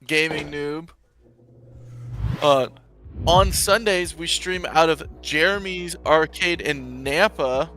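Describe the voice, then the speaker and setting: A man with an American accent co-hosting an air hockey stream, reading viewer chat messages and giving shout-outs. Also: on the high side, takes it slowly, faint music behind.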